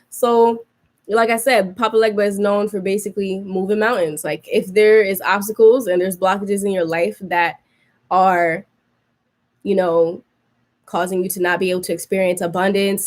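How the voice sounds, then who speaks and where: A young woman hosting a podcast, telling a story in casual chat, full of fillers and restarts, acting out her own reactions. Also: mid-range voice. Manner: rambling, many fillers and restarts. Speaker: podcast host.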